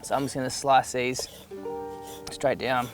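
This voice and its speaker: A man's voice: mid-range voice, steady tone, a little slow. A young man hosting a casual cooking demonstration in an upbeat, enthusiastic, chatty way. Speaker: cooking show host. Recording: music playing underneath.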